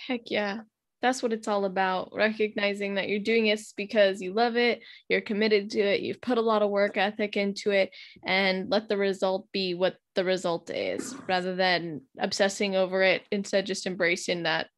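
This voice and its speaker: A woman's voice: mid-range voice, little pitch movement, normal speed. A woman hosting an interview, encouraging and upbeat as she responds to her guest. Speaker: podcast host. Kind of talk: casual interview talk.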